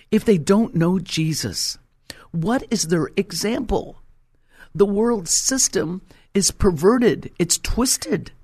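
A man's voice: on the high side, darkish tone, no echo, studio quality. A male pastor preaching an impassioned sermon and telling stories to his congregation.

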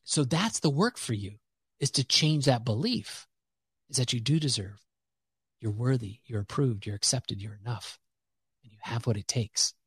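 A man's voice: medium pitch, lively intonation, normal speed, pauses often, husky, no echo, clean studio sound. A man talking as a podcast guest, preacher-like and emphatic, repeating phrases for rhythm as he builds a motivational faith message.

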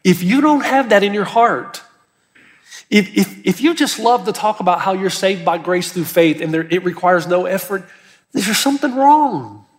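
A man's voice: high-pitched, normal speed, long reverb tail. A man preaching a sermon as pastor, earnest and emphatic, with urgency that builds as he presses his points.

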